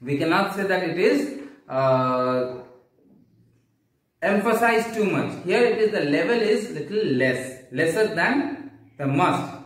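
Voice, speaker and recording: Slow Indian-accented male teacher in an echoey room. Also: sits high, animated. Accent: Indian English. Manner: slow, explains step by step with fillers and self-corrections. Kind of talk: classroom grammar lesson. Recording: very echoey room, distant from the mic.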